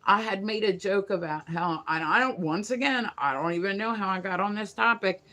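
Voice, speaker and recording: A woman with a mid-range voice, speaking a little fast in a pushed, bright tone, hosts a casual morning livestream. She rambles through stories, filling them with fillers and laughing at herself.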